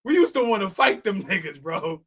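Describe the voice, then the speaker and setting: A New host leads a casual podcast chat. He teases his co-host in street slang and laughs often. His voice sits a little high for a man. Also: big pitch swings, brisk, pushed and bright, breathy edge. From New York (Queens).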